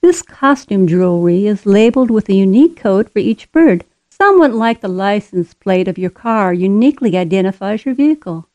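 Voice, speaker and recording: Mellow-voiced woman narrating an audio tour. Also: mid-range voice, moderate pace, hardly any pauses, no room sound. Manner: steady, informative reading voice. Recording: slightly dull lo-fi recording.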